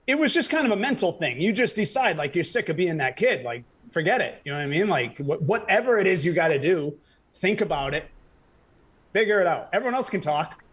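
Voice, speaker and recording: A man's voice: sits high, husky. A man from New Hampshire telling stories about his childhood in a casual podcast chat, acting out dialogue and laughing often. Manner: animated, acts out dialogue with bursts of laughter. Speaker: guest. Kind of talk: casual storytelling.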